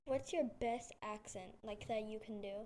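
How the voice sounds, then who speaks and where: A woman's voice: mid-range voice, normal speed, darkish tone, a little hiss or hum. A young woman interviewing her brother on a podcast, asking questions and teasing him casually. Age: young adult. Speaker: guest interviewer. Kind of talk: casual chat.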